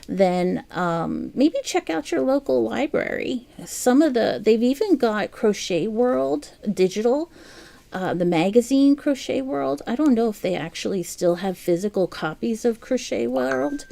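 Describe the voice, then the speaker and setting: A woman's voice: mid-range voice, creaky, mellow. A woman chatting casually while she crochets on a livestream, reading out viewer comments, chatty and easily amused. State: has the hiccups.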